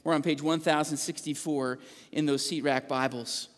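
A man's voice: on the high side, steady tone, normal speed. A male pastor preaching a sermon and reading scripture aloud, earnest, with fillers and restarts. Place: church sanctuary. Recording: long reverb of a church hall.

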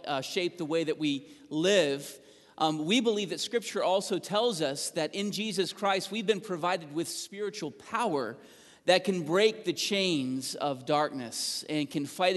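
Earnest pastor preaching in a reverberant church. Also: male voice, a little high. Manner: earnest preaching with filler words and restarts, reading scripture aloud. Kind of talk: sermon. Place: church sanctuary. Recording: long reverb of a church hall.

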